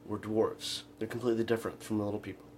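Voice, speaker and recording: A man co-hosting a comedic radio talk show, retelling scenes in a rambling, halting way full of fillers. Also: lowish voice, flat delivery, darkish tone, a little hiss or hum. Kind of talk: casual comedic chat.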